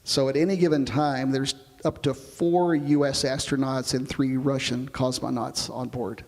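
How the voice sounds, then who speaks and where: Male astronaut interviewee, gravelly, easy storyteller, reverberant recording. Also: mid-range voice, a little slow. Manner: relaxed storytelling, explains with comparisons. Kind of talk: oral history interview.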